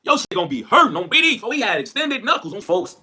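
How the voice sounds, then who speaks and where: Fast, high-energy streamer man. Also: breathy edge. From Chicago. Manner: loud, excitable, trash-talking, heavy slang. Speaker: livestream host. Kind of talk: casual livestream storytelling.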